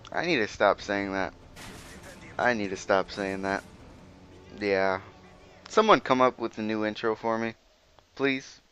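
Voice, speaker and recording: A man's voice: lowish voice, a bit bright, clean tone. A young man, a teen, rambling informally and swearing now and then as he tells a personal story over gameplay commentary. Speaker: gaming video commentator.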